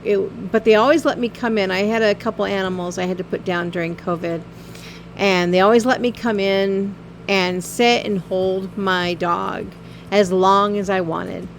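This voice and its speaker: A woman narrating her gameplay video in a halting, heartfelt way, full of ums and visibly emotional. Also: medium pitch, fairly even intonation, slight background noise. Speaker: game video creator. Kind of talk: casual voice-over narration of gameplay.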